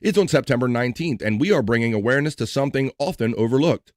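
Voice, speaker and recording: A man's voice: mid-range voice, lively intonation, quick pace, no echo, studio quality. A man hosting a casual live stream, loose and playful, breaking into silly voices and sung bits. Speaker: livestream host.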